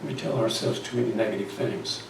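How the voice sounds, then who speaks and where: A man's voice: mid-range voice, brisk, vocal fry, noisy background. A man preaching a sermon, telling a story and asking the congregation questions. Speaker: pastor. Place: church sanctuary. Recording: echoey church hall from far off.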